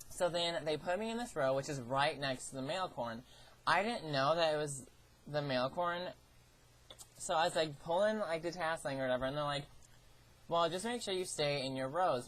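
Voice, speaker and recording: Casually storytelling on her vlog, a teenage girl chats along, swears a lot and performs the lines others said. Her voice sits low, and she keeps a moderate pace.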